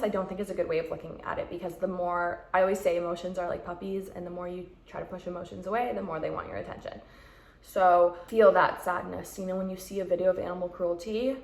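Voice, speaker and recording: A young woman vlogger giving frank, chatty advice and acting out quoted thoughts. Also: lowish voice. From Canada. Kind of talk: casual advice chat. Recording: roomy echo.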